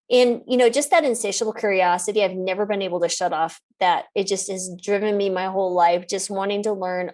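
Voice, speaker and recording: A middle-aged woman physician, a guest on an interview, telling a story in a lively, casual way. She laughs often and acts out the lines of the people in the story. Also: medium pitch.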